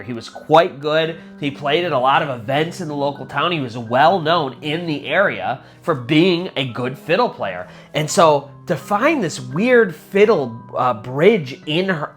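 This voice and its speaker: A man's voice: fairly high pitch, fairly bright tone. A man telling a spooky true story in a casual, conversational way, full of little fillers. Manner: conversational, many fillers like "kind of" and "sort of".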